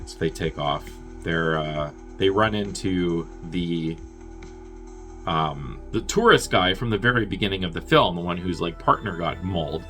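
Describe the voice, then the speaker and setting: A man's voice: sits low, measured pace, pushed and bright, soft background music. A man casually recapping a film's plot as a reviewer, rambling and profane, with chuckling asides. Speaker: movie reviewer.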